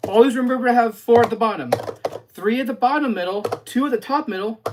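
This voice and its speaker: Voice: medium pitch, fast, noisy background. A casual livestreamer teaching cup stacking step by step while chatting with viewers. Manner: chatty, addresses live chat, explains step by step. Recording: clear clatter of plastic cups.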